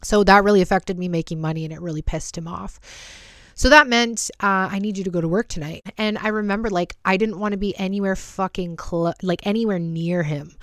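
A woman's voice: medium pitch, fairly even intonation, brisk, fairly bright tone, dry recording, clean studio sound. A young woman hosting a podcast, telling a personal story candidly and emotionally, swearing freely. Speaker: podcast host.

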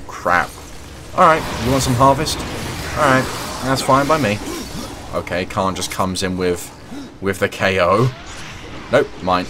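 A man's voice: lowish voice, noisy background. A young man giving casual, jokey gameplay commentary, humming and talking to the characters on screen. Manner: chatty, jokey, hums, talks to game characters. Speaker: let's play host.

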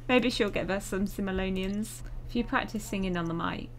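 A woman's voice: mid-range voice, a little fast, a little hiss or hum. A young woman chatting casually through a life-sim game, chatty and self-mocking, swearing now and then when annoyed. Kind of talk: casual gameplay commentary.

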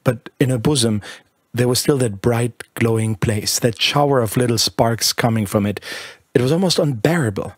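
A man narrating a literary short story in a measured, lyrical reading. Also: medium pitch, slightly rough, dry recording. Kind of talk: scripted audiobook narration.

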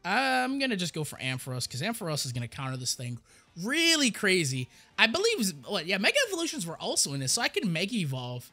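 A young man giving casual, rambling gameplay commentary, excitable and stammering as he repeats words. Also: sits high, fast talker, faint music behind. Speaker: gaming YouTuber.

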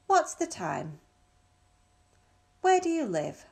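Slow, careful woman reading textbook questions. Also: very high-pitched, big pitch swings. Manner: clear, careful reading of sample sentences with marked intonation. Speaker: recorded audio speaker.

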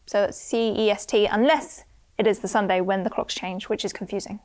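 A woman's voice: mid-range voice, fairly even intonation, darkish tone. A woman co-hosting a board game stream, chatting in a bubbly way about an upcoming event. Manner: bubbly, quick to laugh. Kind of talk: casual chat about events.

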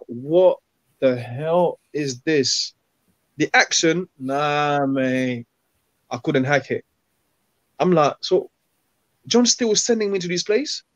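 A former footballer, telling stories in a casual interview and acting out what people said, using street slang. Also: male voice, fairly high pitch, dry recording. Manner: animated, acts out quoted dialogue, street slang. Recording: dull, dry recording.

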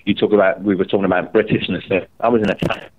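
A man's voice: low voice, racing, husky. A man from Scotland, angrily telling a story and swearing heavily while he chats. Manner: angry, swearing, animated storytelling. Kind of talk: heated casual chat. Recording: tinny phone line.

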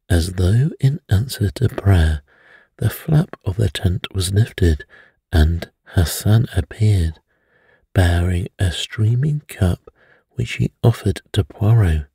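A man narrating a bedtime story in a slow, hushed storytelling manner. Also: low-pitched, lively intonation, vocal fry, husky, no room sound, clean studio sound.

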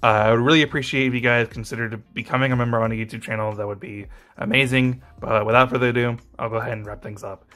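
A man's voice: medium pitch, steady tone, quick pace, pushed and bright. Frustrated young man ranting, profane. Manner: frustrated, profane, rambling with fillers. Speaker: YouTube commentator. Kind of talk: ranting commentary.

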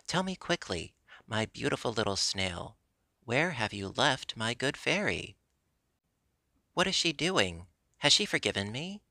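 A man voicing an earnest wooden puppet boy in a storybook reading, pleading and excitable. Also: mid-range voice, unhurried, creaky, no room sound, heavily acted. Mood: eager.

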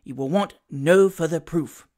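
A reader voicing an earnest, indignant elderly gentleman in an audiobook, speaking firmly and insistently. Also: medium pitch, a little slow, close to an everyday voice. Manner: firm, insistent.

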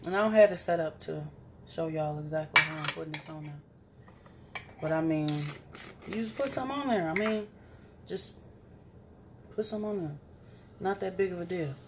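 A woman's voice: on the low side, normal speed, long pauses, background noise. A woman, chatting playfully through a home cooking vlog and laughing at herself. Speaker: vlogger. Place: home kitchen.

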